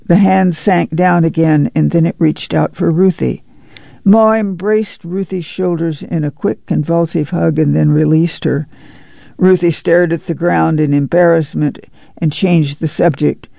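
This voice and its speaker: Male audiobook narrator, gravelly, measured; dry, dull recording. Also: fairly high pitch, steady tone, dark tone, dry recording. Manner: measured, unhurried storytelling. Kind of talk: scripted novel narration.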